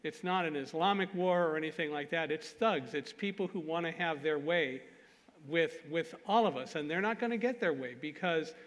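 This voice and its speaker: With a voice on the high side and a moderate pace, a man tells an animated story at a conference, joking self-deprecatingly and laughing at himself. The hall gives a long reverb.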